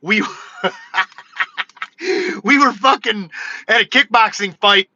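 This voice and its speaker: A man hosting his own livestream, chatting loosely and excitedly with viewers, full of "dude" and "bro". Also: sits high, slow pace, no room sound, dull audio. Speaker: livestream host. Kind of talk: casual livestream chat.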